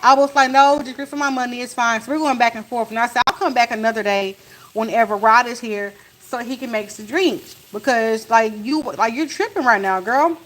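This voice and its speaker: A woman with a somewhat high voice tells a story in a casual family vlog. She talks in an animated way and acts out each exchange as she retells it. Food sizzles faintly in a pan in her kitchen. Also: normal speed, a little hiss or hum, rough recording. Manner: animated, acts out what was said. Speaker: family vlogger. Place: home kitchen while cooking. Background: faint sizzle of frying food.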